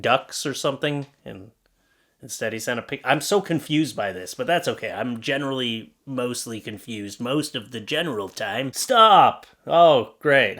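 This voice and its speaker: A man's voice: medium pitch, a bit bright. A young adult man hosting a comedy commentary show, reacting to posts in a sarcastic, exasperated way and slipping into mock voices.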